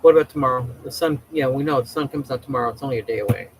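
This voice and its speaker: Casting: man, everyday mid pitch, casual livestream host, rambling chatter, faint noise behind. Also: racing, rough recording. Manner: rambling, chatty, many restarts.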